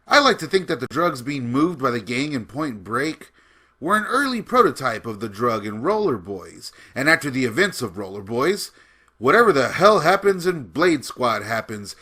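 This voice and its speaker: A man's voice: fairly high pitch, pushed and bright. A man giving casual film commentary with enthusiasm, often laughing as he talks. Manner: enthusiastic, laughs while talking.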